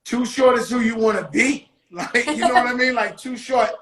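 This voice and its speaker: A man's voice: very high-pitched, moderate pace, bright, forceful tone, echoey room, poor audio. A man interviewing a guest in loose, joking street slang, swearing freely and teasing. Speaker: interviewer, rapper. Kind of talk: casual interview chat.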